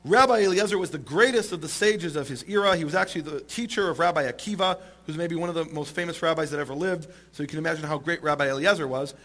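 A man telling a religious story to an audience, animated and rising at the climaxes. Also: a little high, fast talker, few pauses. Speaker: speaker. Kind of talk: storytelling sermon.

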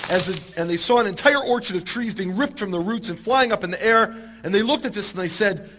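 A man telling a story in an animated, amused way to a listening audience. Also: high voice, fairly quick, very noisy. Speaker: speaker. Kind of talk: storytelling talk.

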